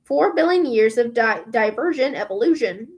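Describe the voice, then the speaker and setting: A combative male scientist who snaps back defensively, as a woman reading a novel aloud voices him. The delivery stays a little high and quick-tempered. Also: animated, lightly acted. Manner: defensive, snappy.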